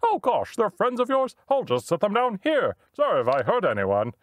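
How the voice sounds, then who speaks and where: A gentle giant tentacle monster, put on by a man with a raised, bouncy voice. It is apologetic and folksy. The voice is dry and close to the mic. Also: high voice, huge pitch swings, moderate pace, no echo, pitched above the performer's own voice. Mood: cheerful. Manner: folksy, apologetic, wholesome exclamations.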